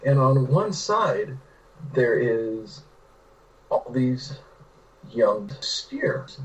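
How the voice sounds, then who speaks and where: A man's voice: mid-range voice, very animated, very slow, distant mic, rough recording. A man from California, a writer telling rambling anecdotes with many restarts in a casual interview. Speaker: guest, writer.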